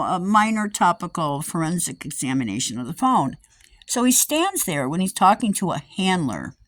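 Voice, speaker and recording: A woman's voice: mid-range voice, no echo. A woman ranting in an indignant, sarcastic, rambling way as she vlogs about her own experience. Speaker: vlogger. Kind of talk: angry personal rant.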